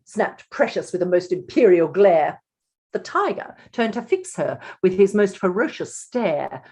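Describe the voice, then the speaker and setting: A woman's voice: mid-range voice, sing-song, normal speed, darkish tone, slightly rough. A woman author reading her picture book aloud to children, theatrical and addressing the young listeners directly.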